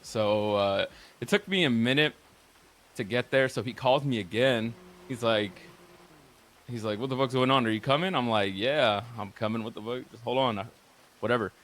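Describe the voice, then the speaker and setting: A man's voice: medium pitch, moderate pace, a bit bright. A man casually recounting events from a roleplay game, profane and rambling with lots of filler words. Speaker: roleplay streamer. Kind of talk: casual storytelling.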